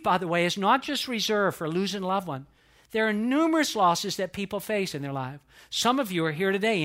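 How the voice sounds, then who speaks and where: Earnest high-voiced male pastor preaching. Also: fairly bright tone. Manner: earnest, conversational preaching with repetitions and restarts. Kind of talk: sermon.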